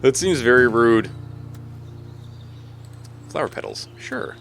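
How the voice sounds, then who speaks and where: A man's voice: medium pitch, expressive, slow pace, gravelly, over music. A man streaming a video game, reading its text aloud and reacting with jokes and frequent swearing. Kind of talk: casual gaming commentary.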